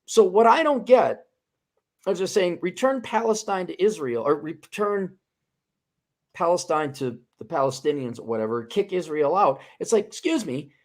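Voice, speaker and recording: A man on a casual podcast, talking in a heated, profane rant that keeps restarting mid-thought. His voice sits somewhat high and swings widely in pitch as he gets worked up. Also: expressive, normal speed. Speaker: podcast host.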